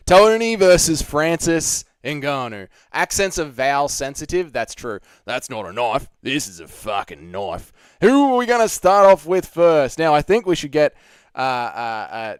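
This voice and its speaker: A man's voice: fairly high pitch, clear, resonant tone, no room sound. A young man hosting a casual live stream, chatting and reading out viewer comments with plenty of swearing. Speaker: livestream host.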